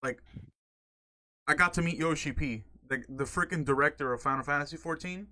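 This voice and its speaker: A man chatting about games in an excitable way, with plenty of filler words. His voice sits a little high and sounds bright. A faint noise hums underneath. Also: a little fast. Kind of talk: casual game-discussion chat.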